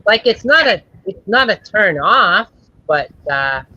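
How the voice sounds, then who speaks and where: A man hosting a casual joking stream chat, rambling with many halting restarts. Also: high voice, big pitch swings, pushed and bright, no room sound, dull audio.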